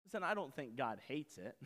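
A man preaching a sermon in an animated, conversational way, joking with his congregation. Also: medium pitch, normal speed, in a large hall. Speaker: pastor.

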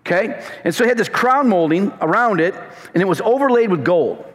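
A man preaching a sermon to a congregation, swinging from emphatic shouts to low, quiet asides. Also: expressive, fairly quick, big-room sound. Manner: emphatic, rising to shouts then dropping low.

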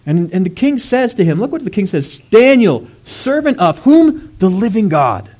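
Animated male preacher telling a story. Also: a little high. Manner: animated, rising to raised emphatic delivery; conversational asides with fillers and laughs. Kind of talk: sermon.

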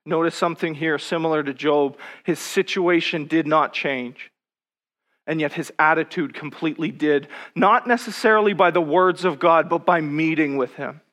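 A man preaching a sermon, reading scripture slowly and then pressing personal questions with rising intensity. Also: on the high side, fairly bright tone.

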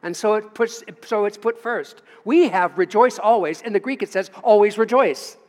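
Pastor preaching in a reverberant church. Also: male voice, high-pitched, darkish tone. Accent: American. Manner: emphatic preaching with long pauses and rising stresses. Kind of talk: sermon. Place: church sanctuary. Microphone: livestream from the pulpit.

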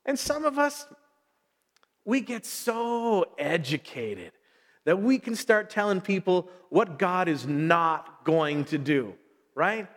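A middle-aged man preaching a sermon, telling stories in an animated way and acting out his son's voice. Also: high-pitched, slow. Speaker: pastor. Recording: long hall reverb.

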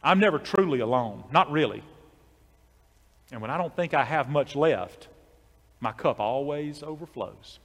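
A man voicing a soft-spoken, godly farmer in his early sixties who stammers humbly and talks in a homespun way. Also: mid-range voice, lively intonation, measured pace, pauses often, big-room sound. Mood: quiet faith.

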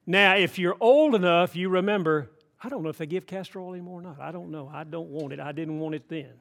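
An older pastor from Atlanta, Georgia preaches a sermon in a folksy, emphatic style, tossing asides to the congregation. His voice is high, fast, creaky and a bit bright.

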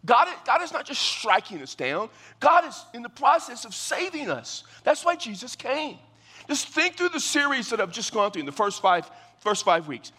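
A man's voice: very high-pitched, very animated, moderate pace, pushed and bright. A man preaching a sermon as pastor, earnest and emphatic, often repeating his phrases. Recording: long reverb of a large hall.

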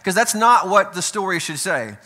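Man, pastor, sermon, bright forceful voice, slightly high pitch, conversational, slow scripture reading. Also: lively intonation. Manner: conversational preaching with frequent "right?" check-ins.

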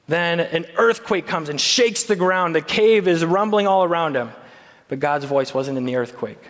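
A man's voice: fairly high pitch, in a large hall. A man preaching a sermon as pastor, in a conversational storytelling manner.

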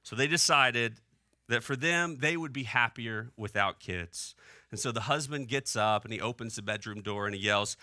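A young man preaching a sermon in a relaxed, conversational way, often checking in with the congregation. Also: mid-range voice, moderate pace, no room sound, clean studio sound. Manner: conversational preaching, asks the room "right?". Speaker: pastor. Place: church hall.

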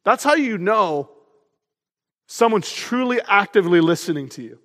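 A man preaching a sermon as pastor, energetic and humorous in a conversational way. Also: high voice, normal speed. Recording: long hall reverb.

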